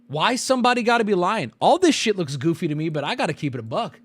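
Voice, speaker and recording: Profane ranting male streamer, very animated. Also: high-pitched, fast. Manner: profane, incredulous, swings to sudden yelling. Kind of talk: ranting live stream commentary.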